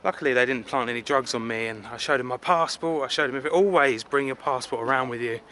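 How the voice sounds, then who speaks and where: A chatty man from England talks into his camera outdoors in a city, rambling and poking fun at himself with plenty of fillers. His voice is bright and a little tense. A faint hum of urban noise sits behind him. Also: mid-range voice, fast. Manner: chatty, rambling, self-deprecating with filler words. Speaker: travel vlogger. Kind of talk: casual rambling travel vlog.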